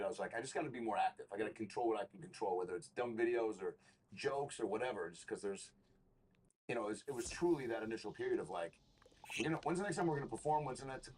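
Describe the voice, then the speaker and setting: A man's voice: mid-range voice, rapid-fire, breathy edge. A man, a comedian and actor, telling rambling, profane stories as an interview guest. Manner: rambling, profane, animated storyteller. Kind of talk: casual interview storytelling.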